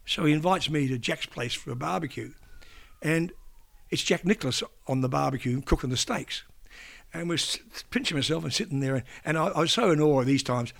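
Slightly high, a little fast, gravelly and a bit bright, this older broadcaster's voice carries rambling stories in a relaxed interview. He often restarts sentences and mimics the people he quotes.

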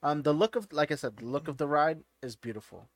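A man's voice: fairly high pitch, fast talker, dry recording. Rambling man in casual podcast chat. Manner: rambling, many fillers and restarts. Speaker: podcast co-host.

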